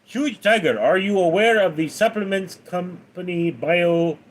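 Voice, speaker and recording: Speaking a little slowly, a man hosting a livestream reads viewers' donor names and questions in a lively, raised voice. He then responds flatly in a low voice, keeping the Q&A casual.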